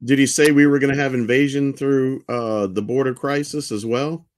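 A man's voice: medium pitch, steady tone, normal speed. Man asking brief probing questions. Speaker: host. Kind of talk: interview questions.

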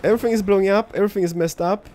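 A man's voice: high-pitched, steady tone, rapid-fire, darkish tone. A young man goofing around and calling out action while playing an online shooter with a friend. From Sweden. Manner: playful, goofy, calls out the action. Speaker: gaming guest. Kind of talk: casual gameplay chat.

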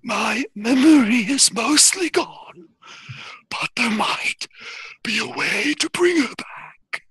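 A man voicing a forgetful, mournful being whose memory has faded, in a high, strained voice with a slow, drawn-out delivery. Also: animated, bright, forceful tone, slightly rough, dry recording, exaggerated voice. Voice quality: high, strained, distant-sounding.

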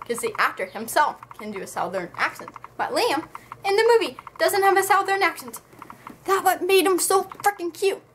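A woman's voice: sits high, expressive, normal speed, fairly bright tone, slight background noise, low-quality recording. A woman giving a casual, exasperated review to camera, talking in slang and ranting with a lot of energy. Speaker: book and movie reviewer.

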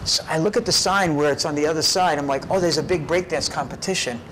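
Lively storytelling man, fairly high voice. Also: quick pace, slight background noise, rough recording. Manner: lively, tags phrases with "right?". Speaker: interview guest, karate teacher. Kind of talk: animated personal storytelling. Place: karate gym.

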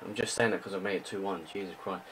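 A man's voice: low voice, fairly even intonation, fast, fairly bright tone. A young man giving frustrated, ranting gameplay commentary that swears and repeats itself. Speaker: gaming video creator. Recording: faint music behind.

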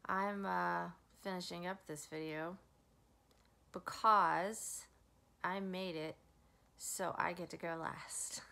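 A woman's voice: on the low side, creaky, pushed and bright. A middle-aged woman recording a heartfelt, tearful birthday video message for her older sister, rambling emotionally with many fillers. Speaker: younger sister.

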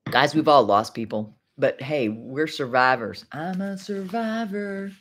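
A woman's voice: deep voice, expressive, measured pace. A middle-aged woman hosting a rambling faith livestream from home, chatty and easily distracted, laughing often. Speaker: livestream host.

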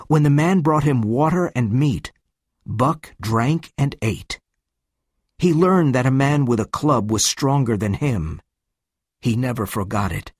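Slow, husky male storybook reader. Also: mid-range voice, dry recording, studio quality. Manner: slow, careful, clearly paced reading. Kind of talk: storybook reading for English learners.

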